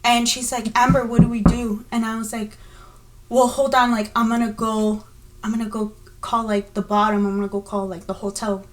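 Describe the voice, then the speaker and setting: A woman's voice: fairly high pitch, normal speed. A young woman on a podcast, telling a scary dream in casual chat and acting out the dialogue as she goes. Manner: animated, acts out dialogue in her story. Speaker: podcast co-host.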